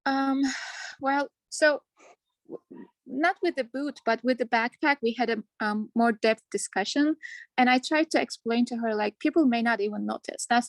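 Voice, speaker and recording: A woman's voice: on the high side, vocal fry, no echo, low-quality recording. A middle-aged woman, a parent asking for advice, talking hesitantly with many fillers. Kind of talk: casual conversation.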